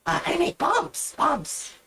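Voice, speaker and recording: A tiny, volatile goblin girl in a piercing, very high voice. She talks in broken, clumsy grammar and swings straight from rage to eager affection. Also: big pitch swings, slow, gravelly, slight background noise, exaggerated voice. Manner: shrill shouting, broken grammar. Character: hot-tempered little goblin girl, excitable, broken speech.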